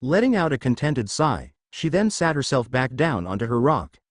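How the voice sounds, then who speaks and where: A man narrating a fan fiction audiobook in a steady storytelling manner. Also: medium pitch, normal speed, no room sound, clean studio sound.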